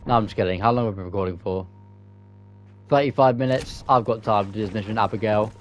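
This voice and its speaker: A man's voice: lowish voice, fast talker, slight background noise. A man giving casual gameplay commentary as a channel host, swearing freely and laughing at himself in exasperation.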